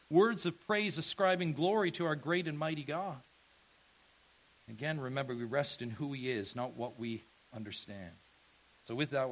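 A man preaching a sermon, earnest and emphatic, asking his listeners rhetorical questions and swinging from quiet to loud. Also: medium pitch, slight background noise, low-quality recording. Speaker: pastor.

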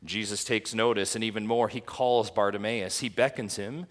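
A man with a lowish voice preaches a sermon in a church. He is impassioned, sinking to hushed, quiet lines and then climbing to loud, emphatic cries. Heard from the pulpit. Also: fairly even intonation, normal speed. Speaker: pastor.

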